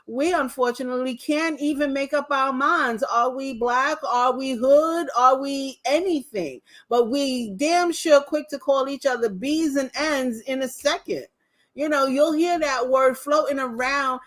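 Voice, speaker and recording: A woman's voice: high voice, unhurried, fairly bright tone. A woman talking on a political talk show in a passionate, preachy way. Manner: passionate, preachy, mimics people she quotes.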